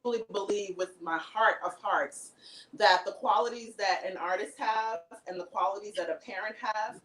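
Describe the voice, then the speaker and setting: A woman's voice: mid-range voice, normal speed, a bit bright, poor audio. A woman guest in a casual interview, speaking earnestly and reflectively and laughing easily. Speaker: guest, artist and comedian.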